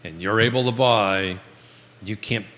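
Calling himself Batman, a Virginia-accented man hosts a live real estate talk show in a folksy, repetitive style from a local broadcast studio. His voice is on the low side, fairly bright, and unhurried, with a long reverb tail trailing after it.

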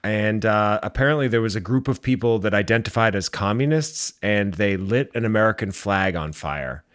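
A man co-hosting a podcast in casual chat, with a deadpan, darkly humorous manner. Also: on the low side, normal speed. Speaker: podcast co-host.

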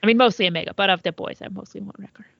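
A woman's voice: medium pitch, rapid-fire, vocal fry, fairly bright tone, no echo, muffled recording. A woman co-hosting a podcast in casual chat, swearing freely and trailing off mid-thought. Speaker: podcast co-host.

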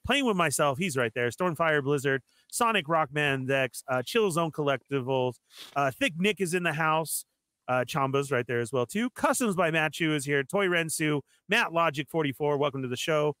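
A man's voice: a little high, normal speed, dry recording, studio quality. A man hosting a live toy collector stream, welcoming viewers by name and laughing along with his co-hosts. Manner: energetic, laughs a lot. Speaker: host.

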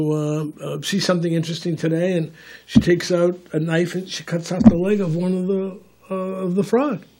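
A man's voice: sits high, a little mellow. An older man in casual political talk, rambling and repeating words while telling anecdotes. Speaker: political commentator.

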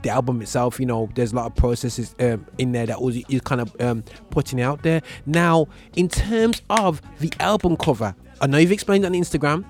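A man with a Birmingham accent hosting a casual interview, rambling, slangy and quick to laugh. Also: medium pitch, faint music behind. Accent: Birmingham English. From Birmingham, England. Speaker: show host.

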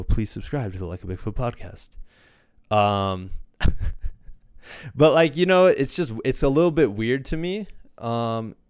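A man from Iowa hosting a podcast, chatting in a relaxed, rambling way with many fillers. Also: on the low side, smooth, no echo, clean studio sound. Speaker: podcast host. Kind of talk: casual podcast chat.

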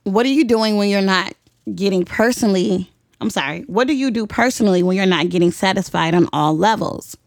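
A woman's voice: mid-range voice, fairly quick, no echo, clean studio sound. A young woman hosting a podcast, giving blunt, profane advice in casual chat and laughing often. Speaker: podcast host.

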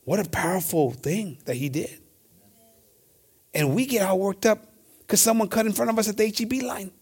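Here a preacher delivers a bilingual sermon, reading scripture and moving back and forth between Spanish and English at normal speed. His slightly rough voice sits a touch higher than typical for a man, and he frequently stumbles, restarts words, and cries "hermanos" over and over.

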